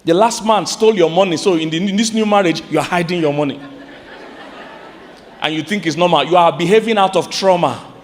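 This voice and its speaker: Nigerian male pastor, high voice, lively live sermon, long hall echo. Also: fairly quick, slight background noise. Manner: animated preaching with sudden high-pitched outbursts; asks the congregation questions.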